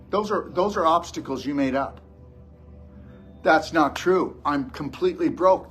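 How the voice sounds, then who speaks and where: A man's voice: a little high, moderate pace, fairly bright tone, faint music behind. A man giving a blunt, scolding motivational lecture to a live audience as a wellness show host.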